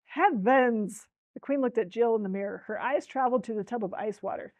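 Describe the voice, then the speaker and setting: A woman's voice: a little high, quick pace, a little mellow, dry recording, lo-fi sound. A woman presenting a book talk, reading a storybook aloud with expression and speaking directly to her listeners. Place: library talk.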